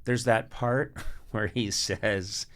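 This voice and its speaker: Host type: middle-aged man with a bright, forceful voice, a lively comic storyteller who laughs easily and gets loud. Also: on the low side, slow pace. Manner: animated, laughs often, voice rises loud when excited.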